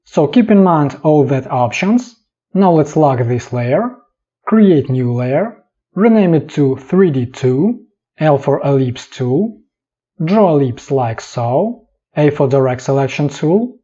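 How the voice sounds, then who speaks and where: A man narrating a step-by-step software tutorial in calm, clipped instructions. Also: a little high, slow pace, breathy edge. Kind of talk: step-by-step screen tutorial voice-over. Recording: dull lo-fi voice-over.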